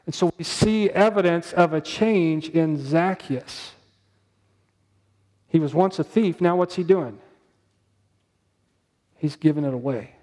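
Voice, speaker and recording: Preaching slowly and pausing often, a pastor with a somewhat high, darkish voice keeps his sermon relaxed and conversational. He poses repeated questions to the congregation, stretches out key words for effect, and speaks plainly and directly.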